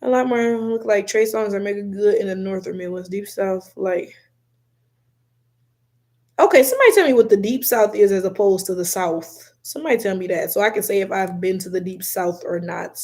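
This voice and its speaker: A young woman from Detroit with an African American English accent, hosting a livestream and reading chat out loud in a blunt, animated, profane way. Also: mid-range voice, normal speed. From Detroit, USA. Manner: animated, blunt, swears a lot, laughs often.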